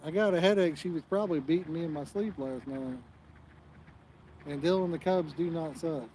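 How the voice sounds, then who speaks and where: Brief: talkative outdoorsy male host, slightly high voice, faint outdoor noise behind. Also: moderate pace, mellow. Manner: chatty, joking, rambling. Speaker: fishing channel host. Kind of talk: casual live-stream chat. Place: outdoors at a fishing spot.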